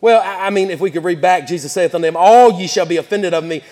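A man with a high, light voice preaches a sermon in a reverberant church hall. His delivery is folksy and conversational, full of laughs, asides and repeated words. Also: fast, a little mellow.

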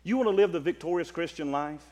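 A Southern American preacher delivers a sermon in a high voice, swinging between loud stretched-out proclamations and hushed rapid asides. His voice carries a long reverb, as though filling a large hall. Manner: impassioned, swings from loud drawn-out declarations to quiet fast asides.

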